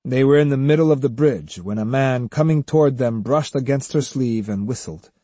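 A man narrating an audiobook in a measured storytelling manner. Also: mid-range voice, dark tone, no room sound. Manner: measured storytelling, many voices. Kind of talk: scripted narration.

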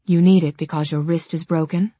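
A man's voice: fairly high pitch, fairly quick, breathy edge, no room sound. A woman voicing a cool, polite male security agent of about forty who speaks formally and calls people ma'am. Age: 40s. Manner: calm, formal, says ma'am. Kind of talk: audiobook character voice.

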